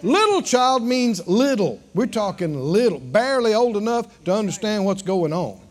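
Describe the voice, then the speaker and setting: A man preaching a sermon, drawing answers from his congregation and rising to shouts. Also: sits high, big pitch swings, moderate pace.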